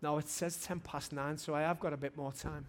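Man, forties, sermon testimony, fervent, rises to shouts, slightly high voice, faint background noise. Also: steady tone, a little fast. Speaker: preacher giving testimony. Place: church hall.

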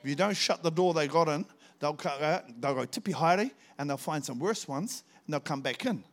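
A man's voice: fairly high pitch, a little fast. A man preaching a testimony sermon, telling his story fervently and rising to emphatic peaks.

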